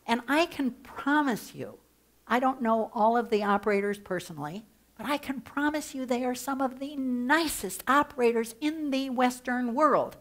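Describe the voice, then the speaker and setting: A woman leading an advocacy training workshop, talking with playful humor and mock excitement through a headset mic. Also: a little high, normal speed. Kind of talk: workshop presentation. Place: training room.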